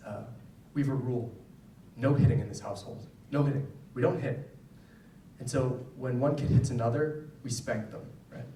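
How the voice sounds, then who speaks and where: Male speaker giving a talk to parents, mellow voice, roomy distant hall sound, casual check-ins with the crowd. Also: medium pitch, slight background noise. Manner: conversational, frequent "right?" check-ins. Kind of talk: lecture to an audience. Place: school hall with an audience. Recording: echoey hall, voice from far off.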